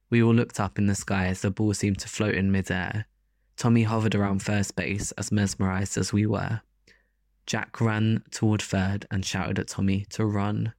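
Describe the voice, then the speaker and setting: A man narrating a first-person story as an audiobook in a steady, even delivery. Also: lowish voice, gravelly, no room sound, clean studio sound.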